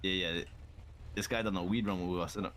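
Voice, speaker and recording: A man's voice: low-pitched, fairly even intonation, fast, a crowd in the background. A man, chatting in character during a game roleplay, slangy and insistent, repeating himself to hold attention. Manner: insistent, keeps saying listen, slangy. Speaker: roleplay gang member.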